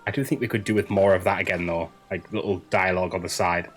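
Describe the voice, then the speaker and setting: A woman's voice: very deep voice, fairly even intonation, fast, faint music behind. A woman co-hosting a game playthrough in casual chat, joking, laughing and swearing. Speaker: co-host playing a game. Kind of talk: casual let's-play chat.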